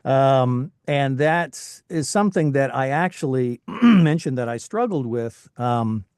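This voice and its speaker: A middle-aged voice actor from Tennessee with a faint Southern accent, chatting casually in an interview with lots of restarts. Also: male voice, medium pitch, animated, unhurried, a little mellow, clear, resonant tone, no room sound, clean studio sound. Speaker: voice actor, guest.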